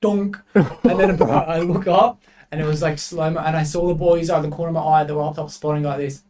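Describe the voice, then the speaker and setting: Young aussie bloke telling stories on a podcast, kinda high voice, swears a lot, really animated. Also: male voice, quick pace, noisy background. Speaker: podcast guest, refrigeration tradesman. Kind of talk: casual podcast chat.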